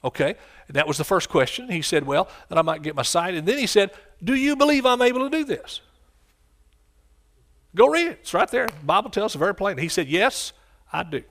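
A man preaching a sermon, swinging from quiet, low lines to loud, shouted ones. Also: very animated, quick pace. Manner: impassioned, rising to shouts and dropping low.

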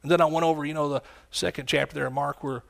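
Impassioned preacher, fairly high voice. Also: male voice, steady tone, fast talker, gravelly. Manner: impassioned, rising to shouts and dropping low. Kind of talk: sermon.

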